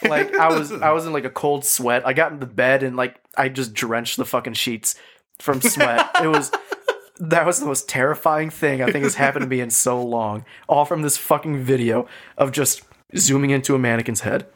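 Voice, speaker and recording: Swearing liberally, an animated man shares a story while co-hosting a laid-back podcast chat. His pitch is mid-range and his pace normal.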